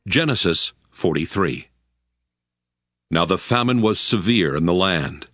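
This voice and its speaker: Low-voiced male scripture narrator. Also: unhurried. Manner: steady storytelling. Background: backing music.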